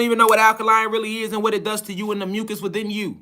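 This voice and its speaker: Insistent preachy man, higher voice. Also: steady tone, very fast, few pauses, pushed and bright. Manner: fires rhetorical questions at listeners; emphatic, insistent. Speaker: online spiritual lecturer. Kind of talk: preachy spiritual lecture.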